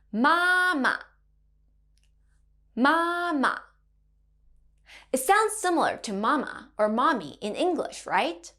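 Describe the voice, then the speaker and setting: A woman teaching Mandarin to children in a cheerful, slow and clearly enunciated teacher's voice. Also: a little high, fairly bright tone. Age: adult parent. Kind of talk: children's language lesson.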